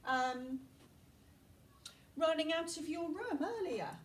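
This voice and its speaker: A woman voicing an excited, suspicious schoolboy wizard in an emphatic read-aloud way, taped from a distance. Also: sits high, takes it slowly, echoey room, pitched above the performer's own voice. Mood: urgent.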